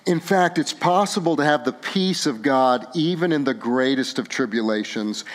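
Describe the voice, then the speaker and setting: A man delivers a sermon with raw emotion, pressing his listeners with pleading questions. His voice sits a little high and leaps up and down, sinking quiet when he turns personal. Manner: impassioned, pleading rhetorical questions. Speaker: pastor.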